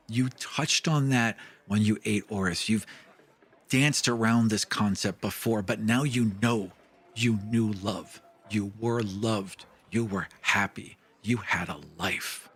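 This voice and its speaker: A man narrating a tabletop game as game master, relaxed and descriptive, with frequent fillers. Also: on the low side, slow pace, husky.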